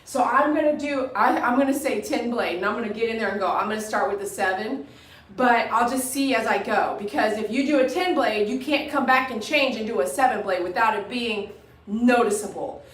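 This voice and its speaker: A woman with a high voice talks through a casual grooming tutorial as a dog groomer. She chats freely and coaxes her dog with short commands. The sound is roomy and comes from a mic set some way off. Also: a little fast, fairly bright tone. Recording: roomy echo, mic at a distance.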